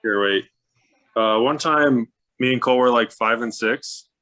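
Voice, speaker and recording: A man from Utah telling a family story in a casual, animated way, laughing and filling with "like". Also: mid-range voice, a little slow. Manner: animated, laughing, lots of "like" fillers.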